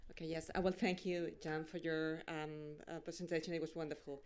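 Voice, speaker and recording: A woman in the audience thanks the speaker and then asks a question in a polite, hesitant way. Her voice sits a little low. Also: little pitch movement, a little fast, darkish tone, slight background noise. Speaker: academic asking a question. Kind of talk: question from the floor.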